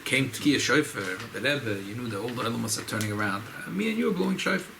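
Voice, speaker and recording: A rabbi, speaking informally at a farbrengen gathering, often repeating and restarting phrases. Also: male voice, mid-range voice, lively intonation, fast talker, gravelly, noisy background. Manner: repetitive, restarts phrases, mixes Yiddish and Hebrew terms. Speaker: rabbi giving a farbrengen talk. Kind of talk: informal Chassidic talk at a gathering.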